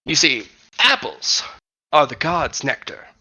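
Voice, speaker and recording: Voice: medium pitch, sing-song, slow, creaky, bright, forceful tone, husky, full character voice. A game master voicing a cheerful, theatrical male cider merchant obsessed with apples in a tabletop role-play. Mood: enthusiastic. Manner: theatrical, salesy, addresses customer grandly.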